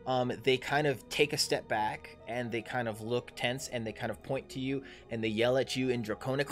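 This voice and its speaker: A man's voice: medium pitch, fairly even intonation, moderate pace, fairly bright tone, faint music behind. A man in his thirties narrating a tabletop game as game master, hesitant and full of fillers. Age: 30s.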